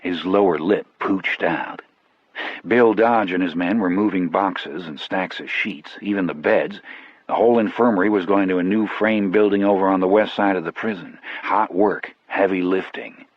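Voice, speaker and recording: A man narrating an audiobook in a measured, grave first-person storytelling style. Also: low-pitched, no echo, lo-fi sound.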